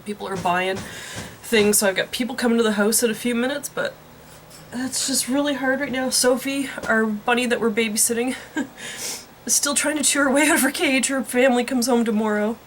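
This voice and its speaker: Woman in her thirties, pet vlogger, tearful and worn out, halting personal talk with a higher voice. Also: a little hiss or hum. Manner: emotional, rambling, sighing, halting. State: tearful, drained. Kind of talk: casual personal vlog.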